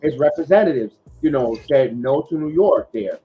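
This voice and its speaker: A man's voice: medium pitch, expressive, normal speed. A man hosting a casual sports podcast, talking in a rambling way with lots of fillers and restarts. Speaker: podcast host. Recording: dull lo-fi podcast audio.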